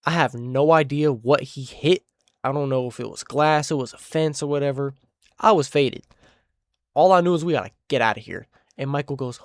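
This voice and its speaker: A young man spins a casual story in a lively, slangy way, dropping in sound effects and stumbling over his words. His voice sits at a medium pitch, recorded close and dry. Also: normal speed, no echo.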